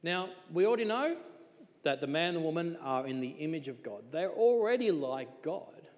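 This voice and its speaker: A man preaching in a slightly high voice. He talks to his congregation in a casual, conversational way and keeps asking rhetorical questions. His words ring out with the long reverb of a large church hall. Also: big pitch swings, moderate pace, darkish tone. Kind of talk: sermon.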